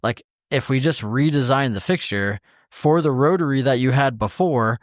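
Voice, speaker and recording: An exasperated man on a podcast, ranting in loose casual chat and swearing freely as he acts out both sides of each quoted exchange. His voice sits at an ordinary middle pitch and is recorded dry and close on a studio mic, with no room sound at all. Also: moderate pace, dry recording. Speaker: podcast co-host.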